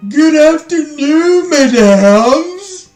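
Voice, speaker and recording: A man voicing a pompous, loud, wealthy French gentleman with a put-on French accent, boasting slowly in a booming voice. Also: expressive, heavily acted. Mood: boastful. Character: pompous loud rich male French patron. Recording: roomy echo, faint music.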